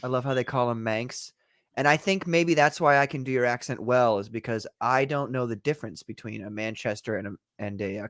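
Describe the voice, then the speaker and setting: A man's voice: medium pitch, a bit bright, no echo. Male host, casual, jokey, reads chat comments, mid-range voice, dry close sound. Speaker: podcast host.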